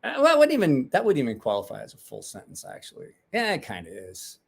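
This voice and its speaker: Man, livestream host, loose and jokey, swears a lot, animated pitch. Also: fast, vocal fry, breathy edge. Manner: rambling, joking, swears often. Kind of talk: casual livestream chat with viewers.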